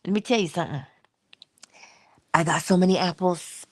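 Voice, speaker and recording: A woman's voice: fairly low pitch, normal speed, darkish tone, slightly rough, dry recording. A woman giving casual inspirational talk, chatty and playful, laughing often and sometimes dropping to a whisper. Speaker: inspirational speaker.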